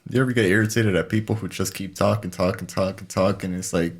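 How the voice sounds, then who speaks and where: A young man co-hosting a casual podcast chat, laid-back and profane, quick to laugh. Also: sits low, fairly even intonation. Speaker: podcast co-host.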